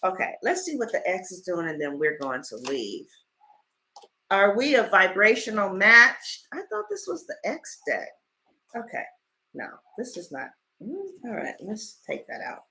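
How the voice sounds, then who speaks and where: Animated, chatty woman tarot reader. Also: mid-range voice, a little slow. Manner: animated storyteller, blunt and swears freely. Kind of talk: casual livestream chat and tarot reading.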